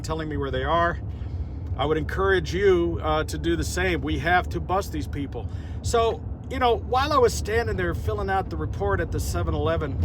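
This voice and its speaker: A slightly high-voiced man rambles through an outdoor phone vlog, repeating words as he retells conversations. Faint city street noise sits behind his voice. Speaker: vlogger. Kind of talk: casual vlog recap.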